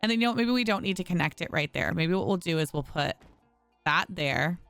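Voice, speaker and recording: A woman's voice: fairly low pitch, expressive, a little fast, vocal fry, fairly bright tone, no echo, soft background music. A woman streamer chatting casually through a home-building game, often exasperated and talking to her viewers. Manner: chatty, frustrated, talks to viewers as y'all. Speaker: gaming streamer. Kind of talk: casual gameplay commentary.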